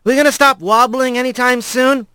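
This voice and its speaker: A man's voice: very high voice, fairly even intonation, normal speed, bright, forceful tone, clean tone, no echo, clean studio sound, voice pushed up. A man voicing a nervous young male rat working as a new deckhand in a storybook reading. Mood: unsteady. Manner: hesitant.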